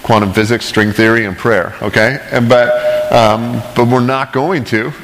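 A man's voice: medium pitch, fairly even intonation, a little slow, fairly bright tone. Chatty male pastor in echoing hall. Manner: chatty, self-deprecating asides with frequent "right?" and "like". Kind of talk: casual conversational sermon.

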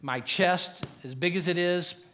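A middle-aged man preaching a sermon to a congregation in a joking, animated way, swinging from loud punchlines to quiet, earnest asides. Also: high-pitched, a little slow. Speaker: pastor.

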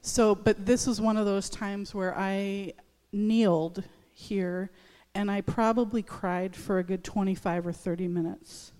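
A woman pastor in her thirties gives a halting, heartfelt testimony to her congregation. She talks slowly and restarts often, her voice soft and mellow. The church hall carries a long reverb behind her. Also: medium pitch, fairly even intonation. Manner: hesitant, halting, many restarts and fillers. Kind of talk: personal testimony in a church service. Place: church sanctuary.

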